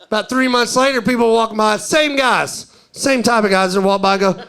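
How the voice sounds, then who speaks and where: A middle-aged man from East Tennessee with a Southern accent, doing a stand-up comedy set and acting out tourists in a higher voice. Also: moderate pace, gravelly, fairly bright tone, smooth. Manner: storytelling, acts out tourists in a higher voice.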